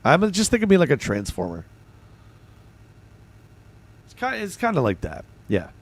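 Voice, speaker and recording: Chatty Canadian streamer, lively pitch. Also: male voice, moderate pace. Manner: chatty, reads and answers chat aloud. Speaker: streamer host. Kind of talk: casual livestream chat.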